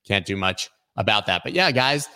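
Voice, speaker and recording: A man's voice: fairly low pitch, animated, moderate pace, pushed and bright, clear, resonant tone. A man hosting a weekly crypto news show, talking casually with many fillers and opinionated asides. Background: construction noise.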